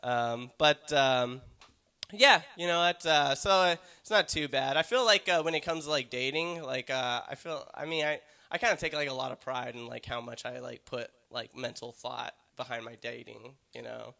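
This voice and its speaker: Male stand-up comic, loose rambling delivery, self-mocking, forceful bright tone. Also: mid-range voice, moderate pace, vocal fry. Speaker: comedian. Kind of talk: stand-up comedy set.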